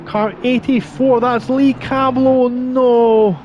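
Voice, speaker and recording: High-voiced man calling a sim race. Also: fairly even intonation, unhurried, darkish tone, muffled recording, slight background noise. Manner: chatty, reads stream chat aloud between race calls. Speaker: sim racing commentator. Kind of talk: live race commentary.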